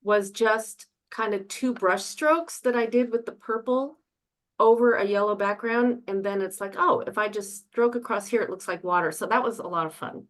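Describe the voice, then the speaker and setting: A woman's voice: medium pitch, normal speed. A woman, a student in a painting class, cheerfully describing her own paintings over a video call. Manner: cheerful, relaxed, with fillers.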